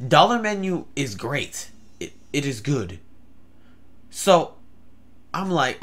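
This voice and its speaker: Young man rambling through a story time, bright voice. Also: mid-range voice, very animated, slow, pauses often. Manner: rambling, filler-heavy storytelling with stammered restarts. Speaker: vlogger.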